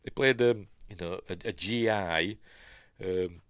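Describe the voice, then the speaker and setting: A man's voice: deep voice, a little slow, a bit bright, smooth, dry recording, studio quality. A man with a Yorkshire accent hosting a casual live stream, rambling as he reads news and chat comments aloud and adds his own asides. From Yorkshire, England.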